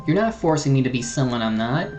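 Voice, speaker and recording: A streamer voicing a soft-hearted, forgiving young woman paladin and healer, reading game dialogue aloud with stumbles and restarts. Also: rumbling low, expressive, quick pace, faint music behind. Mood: tender.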